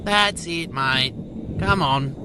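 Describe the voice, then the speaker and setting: A man in a comedy sketch, talking in an excitable, profane way and shouting encouragement. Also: fairly high pitch, slow, far from the mic. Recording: loud background noise.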